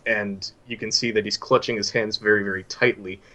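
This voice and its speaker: A man narrating scenes as game master in a tabletop story game, with halting, filler-heavy description. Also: lowish voice, steady tone, bright, forceful tone.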